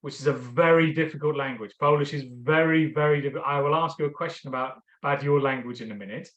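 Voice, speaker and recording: A man, a teacher talking slowly and simply to students over a video call, often restarting his sentences. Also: a little high, fairly bright tone, roomy sound, highs cut off. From northern England. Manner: slow, simple explanations with frequent restarts. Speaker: English teacher.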